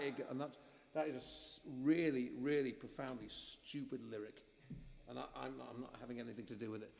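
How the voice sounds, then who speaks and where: A man's voice: medium pitch, steady tone, a little fast, vocal fry, darkish tone, big-room sound. A man performing a live music stream, chatting casually between songs in a rambling, self-mocking way with many restarts. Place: music club venue. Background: guitar playing.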